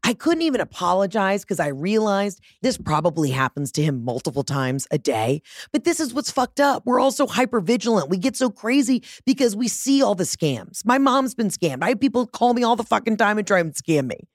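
Animated, foul-mouthed woman telling a story. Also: mid-range voice, a little fast, hardly any pauses, dry recording, clean studio sound. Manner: animated, profane, acts out quotes. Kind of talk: casual comedic storytelling.

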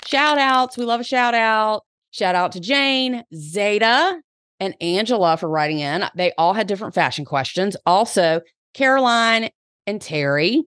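A woman's voice: mid-range voice, lively intonation, unhurried, fairly bright tone, smooth. A woman in her forties with a Southern US accent, hosting a solo podcast in a chatty, upbeat, slangy way. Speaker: podcast host.

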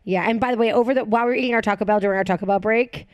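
A woman guest in a casual podcast chat in an apartment, giggly and animated, telling stories dramatically. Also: mid-range voice, very fast, no echo.

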